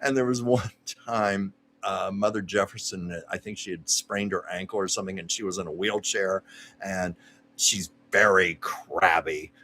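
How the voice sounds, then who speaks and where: A man's voice: low-pitched, normal speed, bright, forceful tone, a little hiss or hum. A man hosting a livestream, reading out viewer comments and reminiscing about old TV shows in a chatty way, laughing often. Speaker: livestream host.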